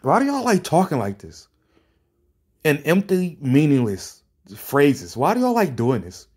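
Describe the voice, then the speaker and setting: A man's voice: on the high side, wildly swooping pitch, a little slow, a little mellow, slightly rough. A man reacting to viewer comments in a rant that is exasperated, profane and sarcastic. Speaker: commentary streamer.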